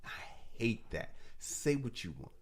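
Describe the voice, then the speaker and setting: A man's voice: medium pitch, a little slow, crowd noise. A man in his forties, co-hosting a casual podcast chat, telling stories animatedly, acting out what people said and laughing often. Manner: animated storyteller, acts out quotes, laughs often. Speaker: podcast co-host.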